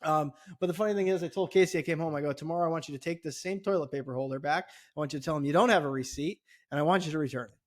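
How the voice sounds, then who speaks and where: A man's voice: on the high side, very fast, hardly any pauses. A middle-aged man co-hosting a podcast, telling a story casually with lots of swearing, his voice climbing sharply when he gets indignant. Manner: animated, swears often, voice rises when indignant. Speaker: podcast co-host.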